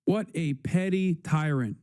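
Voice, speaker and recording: Male streamer, exasperated, sarcastic, swears freely; higher-set but mellow tone, dry sound. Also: unhurried, dry recording. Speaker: live streamer reacting to clips. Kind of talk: casual profane commentary.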